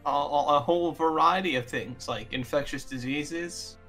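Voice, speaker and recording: A man's voice: a little high, moderate pace, vocal fry, sharp tone, faint music behind. A young man co-hosting a podcast, tossing in dry wisecracking one-liners during casual chat. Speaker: podcast co-host.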